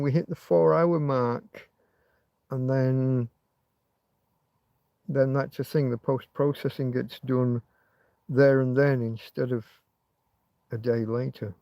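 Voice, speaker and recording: Gravelly man rambling on a livestream. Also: mid-range voice, dark tone, dry recording. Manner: rambling, swears freely. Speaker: livestream host. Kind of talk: casual livestream chat. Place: inside a tent.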